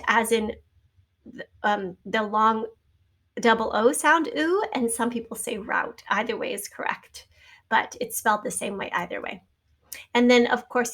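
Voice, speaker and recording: Woman teacher, slightly high voice, patient recorded spelling lesson, spells words letter by letter. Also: vocal fry, fairly bright tone.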